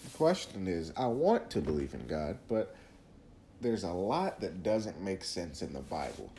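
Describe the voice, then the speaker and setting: A man's voice: sits low, big pitch swings, a little slow, dark tone, roomy sound, slight background noise. A man hosting a podcast, talking earnestly through faith advice in a casual monologue, often restarting phrases. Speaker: podcast host.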